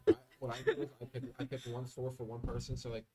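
Man, podcast co-host, rapid talk, rambling, self-deprecating, stumbles over words. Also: mid-range voice, level tone, a little mellow, slight background noise. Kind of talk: casual chat.

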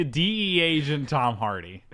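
A man's voice: a little high, sharp tone. A man co-hosting a casual movie podcast, chatty and making jokey asides. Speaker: podcast co-host.

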